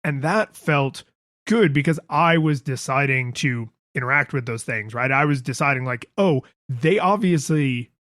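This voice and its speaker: In studio-quality audio without echo, a man with a medium-pitched voice co-hosts a podcast at a moderate pace. He's an animated storyteller in this casual chat, performing the voices of the people he quotes.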